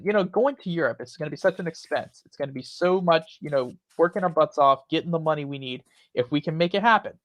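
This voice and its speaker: A man's voice: a little high, fairly bright tone, no echo. A rambling, chatty man hosting a casual talk stream, laughing often. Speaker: host. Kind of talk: casual chat.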